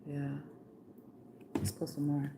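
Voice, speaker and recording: Slow and warm, with little pitch movement, a lowish-voiced woman gives a live tarot reading to viewers. Her talk is casual, slangy, and playful, full of "like" and "okay," and a faint noise hiss is present.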